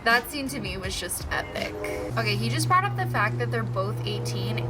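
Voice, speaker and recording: Young woman, gushing book vlogger, chatty and excitable, music playing underneath. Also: medium pitch, moderate pace, hardly any pauses. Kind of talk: casual reading-reaction vlog.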